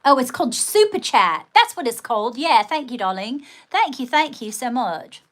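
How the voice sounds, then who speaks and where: A woman's voice: high voice, sing-song, normal speed, a bit bright. A woman hosting a casual livestream, chatting with viewers and thanking them, often calling them darling. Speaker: livestream host.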